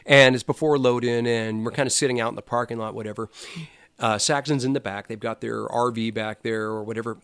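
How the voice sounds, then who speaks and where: A man's voice: mid-range voice, a little fast, smooth, no room sound. A middle-aged man from Los Angeles, a guest musician telling stories in a casual interview and acting out what people said. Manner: animated storyteller, acts out quoted voices.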